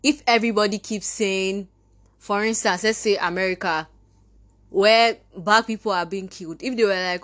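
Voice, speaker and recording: A woman's voice: mid-range voice, fairly even intonation, moderate pace, fairly bright tone. A fifteen-year-old girl with a Nigerian accent, talking straight to listeners in an angry, fired-up podcast monologue. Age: teens. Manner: indignant, ranting, mimics others mockingly. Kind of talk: impassioned monologue.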